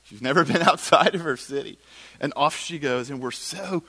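Brief: middle-aged male church speaker, bright-toned, animated anecdotal storytelling. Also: moderate pace, husky. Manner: animated storyteller, quotes others in lowered voice. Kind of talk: storytelling sermon talk.

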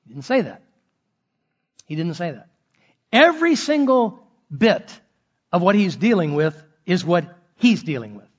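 A pastor preaching a sermon, earnest, acting out short quoted lines of a husband and wife. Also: male voice, sits high, sing-song, measured pace, pauses often, highs cut off.

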